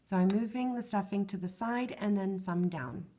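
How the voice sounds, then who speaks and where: Patiently explaining every hand movement, a woman leads a step-by-step craft tutorial and counts stitches aloud. She speaks at a moderate pace in a dark, mid-range voice that sounds worn and fading, as she is losing her voice.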